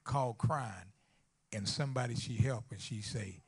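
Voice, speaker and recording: With a gravelly, breathy-edged voice of medium pitch, a preacher delivers his sermon unhurriedly. He alternates between loud, fervent outbursts and soft, near-whispered storytelling, echoing phrases for emphasis.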